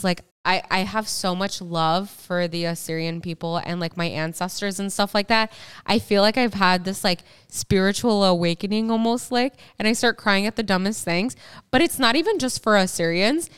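A young woman co-hosting a casual podcast, her voice strikingly clear and smooth. She tells stories in a chatty, animated way, at a middle pitch for a woman. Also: moderate pace. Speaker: podcast co-host. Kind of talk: casual chat.

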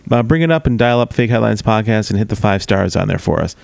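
Gravelly Southern-accented man co-host. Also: fairly low pitch, expressive, quick pace, no echo. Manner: laughs a lot, jokey asides. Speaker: podcast co-host. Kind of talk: casual podcast chat.

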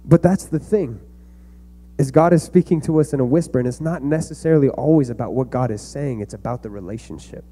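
Young guy preaching to a youth group, earnest and chatty, mellow voice, middle pitch. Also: a little fast. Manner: earnest, conversational preaching with fillers. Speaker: youth pastor. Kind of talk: youth sermon.

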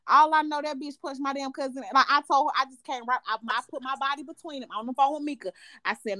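Woman podcast co-host with a higher voice, lively and profane storytelling, dry close sound. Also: quick pace, dry recording. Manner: animated, profane, laughs often. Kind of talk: casual storytelling chat.

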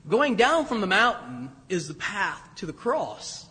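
A man's voice: high-pitched, sing-song, a little slow, bright, forceful tone, slightly rough. A man, a priest, giving a sermon in a conversational, self-deprecating way with asides. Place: church. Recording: long church reverb.

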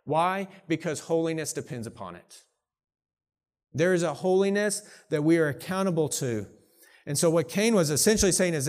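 A man preaching a sermon from the pulpit with a slightly higher-than-usual voice. He moves between soft, hushed passages and emphatic, rising declarations, earnest throughout. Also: lively intonation, brisk. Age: young adult or middle-aged, parent of young children. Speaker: pastor.

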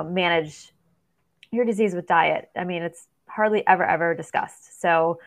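A woman dietitian as a podcast guest, speaking earnestly with frequent ums. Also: lowish voice. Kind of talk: podcast interview.

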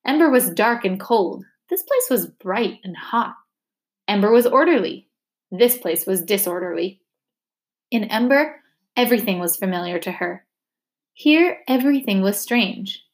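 A woman reading a novel chapter aloud, steady and expressive. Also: medium pitch, unhurried. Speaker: reader.

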